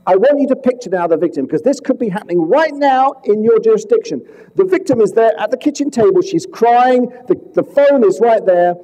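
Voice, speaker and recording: A man with a high, mellow voice gives a presentation on fraud. He tells the case like a story, firing rhetorical questions at the room and then dropping to a hush for the key lines. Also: lively intonation, fairly quick, rough recording. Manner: dramatic storytelling with rhetorical questions and sudden swings from loud to hushed. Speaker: fraud investigator speaking to police.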